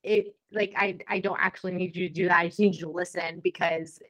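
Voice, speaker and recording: A young adult woman co-hosting a casual podcast chat, lively, laughing often and talking with many fillers. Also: on the low side, brisk, dull audio. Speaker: podcast co-host.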